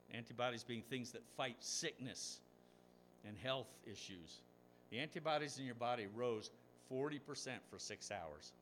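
A man's voice: mid-range voice, fairly bright tone, slight background noise. Preaching man with rising emphasis. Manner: storytelling preacher, voice rising with emphasis, rhetorical questions. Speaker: pastor. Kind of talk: sermon.

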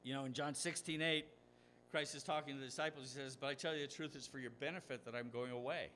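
A man's voice: medium pitch, fairly even intonation, fast, sharp tone, slight background noise. A man preaching a sermon as pastor, telling stories and asking rhetorical questions, his voice rising for emphasis.

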